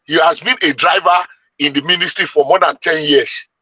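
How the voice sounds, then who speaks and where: A man's voice: fairly high pitch, fairly even intonation, normal speed, pushed and bright, husky, no echo, highs cut off. A man, arguing emphatically and at length as a panelist in a heated debate. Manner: emphatic, argumentative, long-winded.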